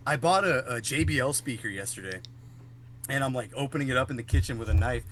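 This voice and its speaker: A man's voice: medium pitch, fast, a little hiss or hum. A young man co-hosting a podcast, telling stories in casual chat, laughing often and swearing. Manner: animated storyteller who laughs often and swears. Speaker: podcast co-host.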